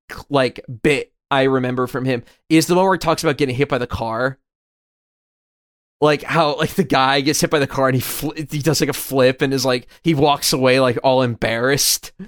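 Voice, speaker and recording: A man in his thirties in a rambling, swearing casual chat as a podcast co-host. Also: on the high side. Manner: rambling, swears freely, many restarts.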